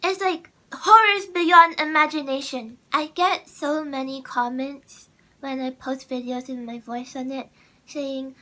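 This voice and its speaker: A young woman with a naturally high-pitched voice, talking in a rambling, self-correcting way in a casual vlog monologue. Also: fairly even intonation, unhurried. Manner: rambling, self-correcting, bursts into loud mocking impressions. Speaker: content creator.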